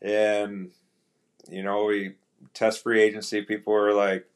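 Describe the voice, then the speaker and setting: Low-voiced man telling a hockey story. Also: a little slow. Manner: relaxed anecdotal, quotes teammates in dialogue; frequent restarts and fillers. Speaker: podcast guest, pro hockey player. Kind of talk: casual storytelling.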